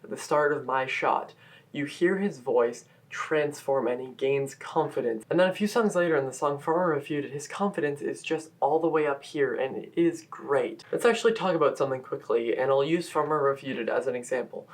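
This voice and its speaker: A man's voice: mid-range voice, moderate pace. A man reviewing a filmed stage musical in a solo video, talking as an eager, gushing fan into a camera-mounted mic. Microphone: camera-mounted shotgun mic.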